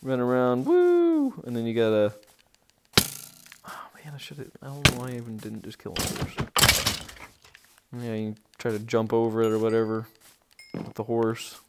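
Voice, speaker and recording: A man giving casual, rambling commentary on a tour of his game village, easily excited and breaking into sudden outbursts. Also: mid-range voice, moderate pace, heavy background noise.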